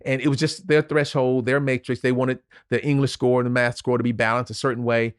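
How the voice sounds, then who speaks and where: A man's voice: mid-range voice, little pitch movement, clear, resonant tone, dry recording. Man, fifties, earnest heartfelt storytelling, dry close sound. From Louisiana, USA. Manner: earnest, emotional, vivid retelling with pauses. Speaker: guest, retired Navy officer. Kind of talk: personal storytelling in a podcast interview.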